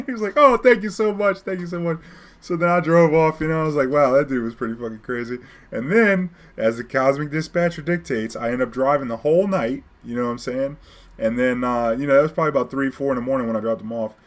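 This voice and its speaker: A young man, telling a taxi story in a casual, animated way, laughing often and acting out what people said. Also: on the high side. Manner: animated, laughing often, acts out quotes loudly.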